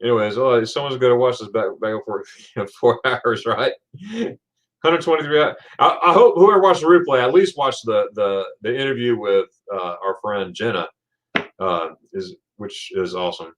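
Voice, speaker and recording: A man's voice: mid-range voice, moderate pace. A man hosting a casual livestream, chatting loosely, laughing often and reading viewer comments aloud. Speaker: livestream host.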